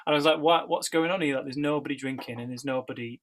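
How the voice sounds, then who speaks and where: Middle-aged guy rambling through his story, lots of ums and restarts, ordinary pitch. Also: fast talker. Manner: chatty, rambling, with many fillers and restarts. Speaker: church member sharing his story. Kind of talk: casual personal testimony.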